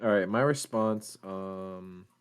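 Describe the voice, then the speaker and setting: A man's voice: deep voice, slow, smooth. A man playing a tabletop role-playing game, describing his hero's moves casually and laughing often. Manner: laid-back, laughing, animated. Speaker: player.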